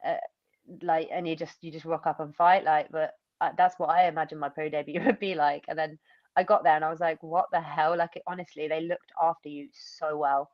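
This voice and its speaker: Young woman, UK, casual interview, rambling, fillers, lowish voice, dull lo-fi sound. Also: a little fast, no room sound. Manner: rambling, animated storytelling with many fillers and acted-out quotes. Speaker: MMA fighter, interview guest.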